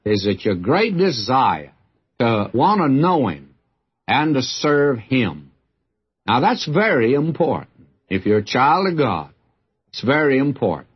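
Man, Bible teacher, folksy earnest sermon, husky voice, dull lo-fi broadcast sound. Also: medium pitch, very animated, measured pace. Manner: folksy, earnest, direct address to listeners.

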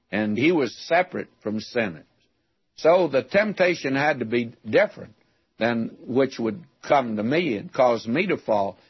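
A man's voice: mid-range voice, breathy edge, no echo, highs cut off. An older man from West Texas preaching a radio sermon, teaching from the Bible in a folksy storytelling way with rhetorical questions.

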